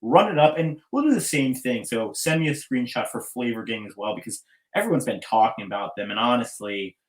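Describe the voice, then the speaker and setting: A man's voice: medium pitch, a little fast, low-quality recording. A man hosting a casual interview podcast, enthusiastic and chummy, calling his guest "man". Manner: enthusiastic, bro-ish, calls guest "man". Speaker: podcast host.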